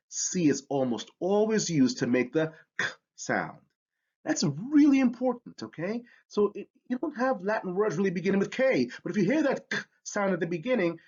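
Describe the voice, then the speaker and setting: Husky guy teaching spelling, big swoopy pitch, dull lo-fi audio. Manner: energetic, emphatic, stretches out words to sound them. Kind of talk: classroom spelling lesson. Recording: dull lo-fi sound.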